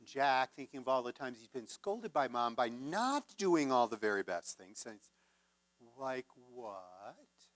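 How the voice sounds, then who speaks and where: A male minister telling a folk tale in a sermon, measured and gently conversational. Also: mid-range voice, big pitch swings. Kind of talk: sermon storytelling.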